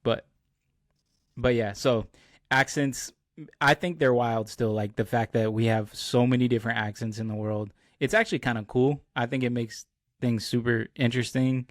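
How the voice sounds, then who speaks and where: A man's voice: mid-range voice, steady tone, normal speed, no room sound. A young man hosts a casual podcast chat. He rambles and hunts for words, filling gaps with ums and likes. His voice sits mid-range, recorded dry and close. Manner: rambling, searches for words with many fillers. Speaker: podcast host.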